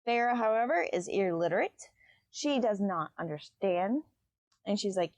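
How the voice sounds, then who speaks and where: A woman's voice: medium pitch, slow pace, no echo. Chatty woman recapping a book. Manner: chatty, loose, with many fillers. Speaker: book podcast host.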